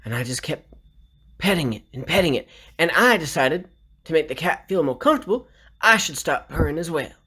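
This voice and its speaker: A man's voice: fairly high pitch, expressive, brisk, sharp tone, slightly rough. A man with a Southern US accent casually telling funny stories and jokes, playfully acting out sounds. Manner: playful, acts out sounds like purring. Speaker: storyteller. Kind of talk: casual story time and joke telling.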